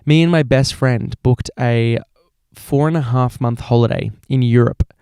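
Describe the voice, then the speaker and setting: An Australian man in his twenties hosts a podcast, rambling casually through audience questions in an animated way full of filler phrases. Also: medium pitch, unhurried, clean tone, no echo, clean studio sound. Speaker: podcast host. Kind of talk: casual solo chat answering questions.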